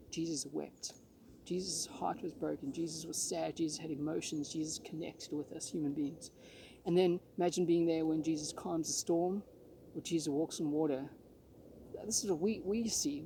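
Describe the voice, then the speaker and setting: A man's voice: a little high, gravelly, dark tone, slight background noise. A man giving an informal devotional talk, casual and rambling with frequent restarts. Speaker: preacher.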